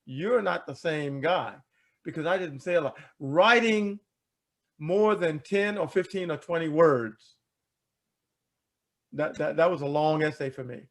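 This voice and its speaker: A man telling a personal story in an animated way, asking rhetorical questions and repeating words as he talks. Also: on the high side, measured pace, long pauses. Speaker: speaker telling a life story. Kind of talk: storytelling talk.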